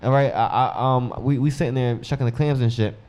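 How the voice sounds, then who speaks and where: A man's voice: mid-range voice, fairly even intonation, fairly quick, darkish tone. A man co-hosting a podcast, telling a story in casual chat, slangy and full of restarts. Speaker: podcast co-host.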